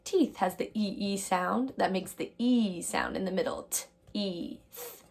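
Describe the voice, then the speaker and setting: A woman teacher giving a phonics lesson to young children, warmly upbeat, stretching out sounds and calling her students my friends. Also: medium pitch, normal speed, vocal fry.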